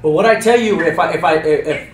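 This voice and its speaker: A man, telling a true story to an interviewer in an earnest, insistent way with street slang, swinging from loud bursts to low mutters. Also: fast. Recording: roomy, distant recording with faint background noise.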